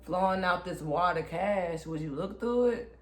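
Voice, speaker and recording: A woman's voice: on the low side, normal speed. A woman co-hosting a reaction video, chatty and talking to viewers. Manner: chatty, asks viewers questions. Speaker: reaction channel co-host. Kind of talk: casual reaction chat. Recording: roomy.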